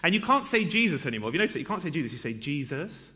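A man's voice: high-pitched, big pitch swings, very fast, pushed and bright. A man giving a conversational sermon in a church, self-deprecating and chatty, with lots of fillers and asides to the congregation. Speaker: preacher.

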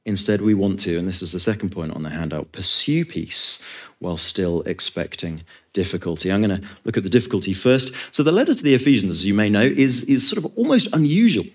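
Guy giving a sermon, low voice, earnest and chatty asides. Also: expressive, brisk. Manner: earnest, emphatic, conversational with asides. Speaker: preacher.

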